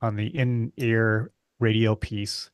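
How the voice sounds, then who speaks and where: Slow, low-voiced man pitching ideas. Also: steady tone, no room sound. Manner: tentative, filler-heavy pitching of ideas. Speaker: player. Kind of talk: tabletop role-play chat.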